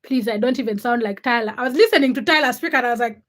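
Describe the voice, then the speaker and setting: This is a young woman in her twenties running a casual livestream and chatting with viewers. Her voice sits high, and she talks in an outspoken, animated way. She often restarts her sentences as she thinks aloud. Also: rapid-fire. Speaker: livestream host. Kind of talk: casual livestream chat, reading viewer comments.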